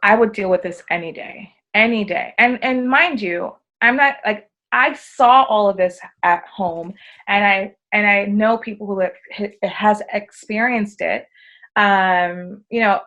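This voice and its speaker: Here a podcast guest, an American woman of medium pitch, comes through on lo-fi sound. Her talk is casual storytelling, lively and full of acted-out quotes.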